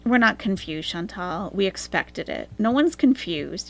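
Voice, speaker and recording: A woman's voice: medium pitch, lively intonation, measured pace, gravelly, hardly any pauses, soft background music. A woman streamer giving sarcastic live reaction commentary, often dropping into muttered asides. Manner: sarcastic, drops into asides and whispers.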